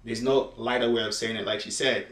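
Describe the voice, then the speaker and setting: A man's voice: mid-range voice, steady tone, brisk, fairly bright tone. Chatty man in a roomy echo. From Africa. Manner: emphatic, chatty, addresses viewers directly. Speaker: host reacting to a clip. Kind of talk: casual commentary to camera.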